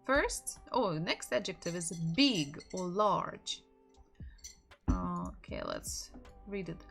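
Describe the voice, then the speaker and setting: Very slow, patient woman with a Russian accent. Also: lowish voice, animated, vocal fry, fairly bright tone, soft background music. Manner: patient, repeats each word slowly several times. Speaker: Russian language teacher. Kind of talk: online language lesson.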